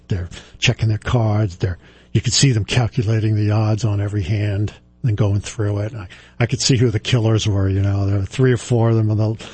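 A man's voice: on the low side, warm tone, husky, dry recording. A man hosting a radio show, telling a rambling, self-deprecating story in a casual way with frequent chuckles. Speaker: radio show host and retirement planner.

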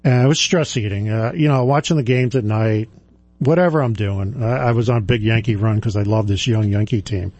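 A man's voice: on the low side, fairly quick, darkish tone, no echo, dull audio. A man hosting a radio show, telling a rambling, self-deprecating story in a casual way with frequent chuckles. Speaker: radio show host and retirement planner.

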